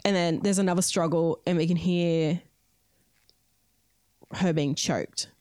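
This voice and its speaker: A woman's voice: on the low side, steady tone, measured pace, dark tone, no room sound, clean studio sound. A woman co-hosting a podcast, recounting a story in casual chat full of fillers. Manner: chatty, many fillers, recounting events. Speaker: podcast co-host. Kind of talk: casual true-crime storytelling.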